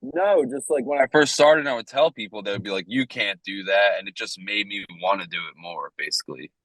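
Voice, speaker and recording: A man's voice: fairly low pitch, fast talker, a bit bright, no echo, poor audio. A man co-hosting a casual podcast, telling stories in a loose, profane way. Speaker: podcast co-host.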